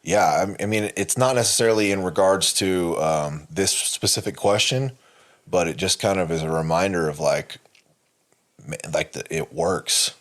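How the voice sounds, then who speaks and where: In a low voice at a moderate pace, a podcast co-host tells a candid, rambling personal story. He leans on fillers and restarts throughout and swears frequently.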